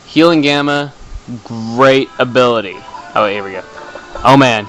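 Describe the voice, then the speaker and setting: A man giving chatty, excitable commentary while playing a video game, tossing in the odd swear for effect. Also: mid-range voice, brisk, faint music behind, rough recording. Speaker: let's play host. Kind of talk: casual gameplay commentary.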